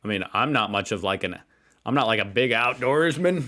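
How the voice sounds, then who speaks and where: A man's voice: mid-range voice, animated, brisk, bright, forceful tone. A man with a General American accent, hosting a casual reaction video in a joking, rambling, self-deprecating way. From Pittsburgh, United States.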